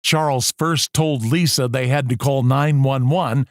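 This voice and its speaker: Male narrator, mid pitch, dry close sound, measured scripted true-crime read. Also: steady tone, no room sound. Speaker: documentary narrator.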